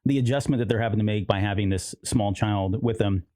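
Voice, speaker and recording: A podcast co-host talks in a rambling, casual way, sliding into quick character voices. His voice sits a bit low and sounds mellow and warm. The recording is dry and close. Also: dry recording. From United States. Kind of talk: casual chat.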